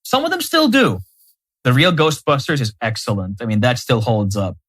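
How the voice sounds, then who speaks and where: A man co-hosting a podcast, chatting casually in an animated way, full of fillers and restarts. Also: medium pitch, moderate pace, dry recording. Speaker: podcast co-host. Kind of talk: casual chat.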